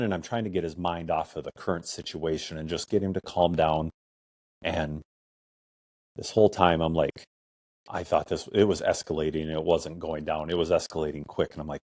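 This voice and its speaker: A man's voice: rumbling low, fairly even intonation, normal speed, a little mellow, no echo, studio quality. A middle-aged man hosting a podcast, telling a personal story in a casual, rambling way full of "I'm like" and "or whatever". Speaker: podcast host.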